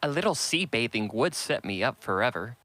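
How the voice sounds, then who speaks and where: A man reads a giddy, spoiled teenage girl who whines and pleads. The tone is bright and forward. It is a dry, close audiobook read. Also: mid-range voice, big pitch swings, fairly quick, no room sound. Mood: plaintive.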